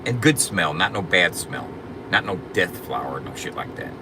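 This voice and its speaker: A man's voice: sits low, very animated, normal speed, heavy background noise. A man hosting a casual livestream, joking and bragging to his chat in a loose, profane drawl, often repeating "you know what I'm saying". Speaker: livestream host.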